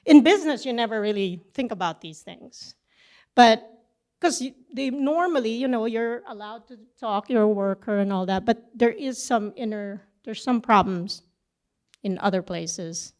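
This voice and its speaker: A middle-aged woman teaching a church session, telling a personal story with lively back-and-forth dialogue. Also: a little high, moderate pace. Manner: animated storytelling, acting out both sides of a conversation.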